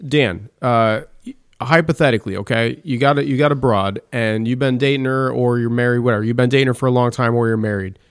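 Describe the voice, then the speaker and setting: A man's voice: mid-range voice, fairly quick, clean tone, no echo, clean studio sound. A man hosting a casual group chat, profane and stammering as he poses hypothetical questions to the group. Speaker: podcast host.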